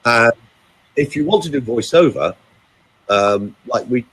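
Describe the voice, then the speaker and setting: An older man with a husky, breathy tone tells chatty anecdotes as a vocal coach. His pitch swings widely and animatedly, and he often leans into a theatrical delivery. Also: animated, unhurried, fairly bright tone, rough recording. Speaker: vocal coach and voiceover actor. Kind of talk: casual chat.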